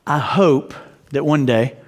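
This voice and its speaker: A man's voice: mid-range voice, slow pace, big-room sound. A man pastor delivering a sermon in an earnest, conversational way, often asking the congregation questions.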